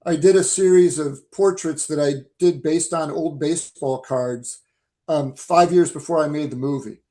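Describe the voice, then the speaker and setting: A man in his sixties, a filmmaker being interviewed over a video call, telling stories in a lively, animated way. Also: fairly high pitch, normal speed. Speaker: filmmaker guest. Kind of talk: storytelling interview answers.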